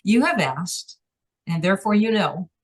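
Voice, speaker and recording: A woman in a trance-channeling session, speaking for a collective as "we" with a playful, teasing, unhurried delivery. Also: mid-range voice, expressive. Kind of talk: channeled spiritual message.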